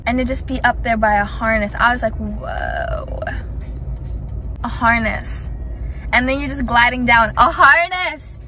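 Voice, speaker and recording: A woman in her twenties, hoarse from screaming, chatting excitedly in a casual vlog and laughing between thoughts. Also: on the high side, moderate pace, hardly any pauses, slight background noise. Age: 20s. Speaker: vlogger.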